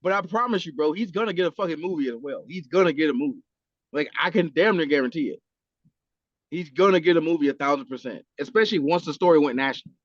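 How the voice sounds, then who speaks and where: A podcast co-host speaks at a fairly high pitch and a fast clip, in a dry recording with the highs cut off. His casual, animated talk is full of swearing, and he acts out quotes.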